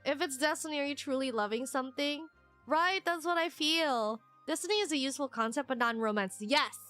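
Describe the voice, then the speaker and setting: A young woman streamer chatting casually with her viewers, rambling and excitable, squealing whenever she thanks someone. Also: high-pitched, a little fast, faint music behind.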